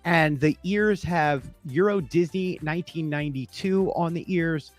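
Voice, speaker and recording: A man's voice: fairly high pitch, unhurried, faint music behind. A man co-hosting a podcast at home, chatting casually and rambling, with frequent laughs. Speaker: podcast co-host. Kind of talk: casual chat.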